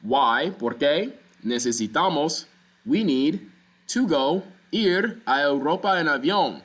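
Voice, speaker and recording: A man, a Spanish teacher talking through a recorded lesson with patient explanations, fillers and quick self-corrections. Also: a little high, animated, fairly bright tone.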